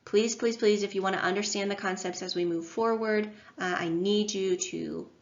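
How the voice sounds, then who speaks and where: A woman's voice: mid-range voice, steady tone, moderate pace. Chatty woman lecturing, slightly dull audio. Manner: chatty, self-deprecating, many fillers. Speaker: instructor. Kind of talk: recorded online lecture.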